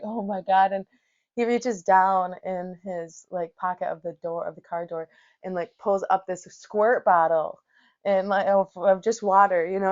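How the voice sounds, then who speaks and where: A woman in her thirties, a podcast host telling a story in a chatty, animated way, full of "like" and laughs. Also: lowish voice, highs cut off. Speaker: podcast host, yoga teacher. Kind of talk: casual storytelling.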